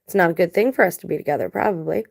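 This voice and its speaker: A woman's voice: fairly low pitch, very fast, creaky. A woman vlogging casual commentary to her viewers, blunt and emphatic, talking straight to the audience. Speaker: video blogger.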